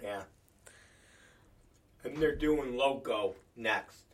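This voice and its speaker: A woman's voice: rumbling low, extremely slow, distant mic, a little hiss or hum. A woman co-hosting a podcast in casual chat, teasing her partner and laughing often. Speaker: podcast co-host.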